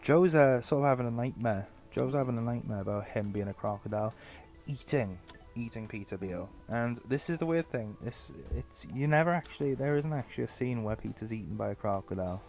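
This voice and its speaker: A man gives a joking, sarcastic review of a book in a casual, chatty delivery. His speech is loose and full of fillers, at an average pitch for a man. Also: lively intonation, brisk, vocal fry, a little mellow, soft background music.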